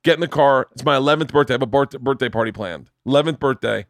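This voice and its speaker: A middle-aged man from Florida, a podcast host telling animated stories in casual chat and acting out the quotes. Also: mid-range voice, fast talker, no echo. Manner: animated storyteller, acts out quotes, swears freely.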